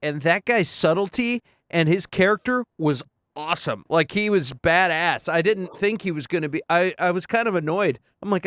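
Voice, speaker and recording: A man co-hosting a podcast, chatting excitedly about movies with lots of fillers and laughs. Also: on the high side, moderate pace, clean tone, no echo. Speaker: podcast co-host. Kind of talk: casual chat.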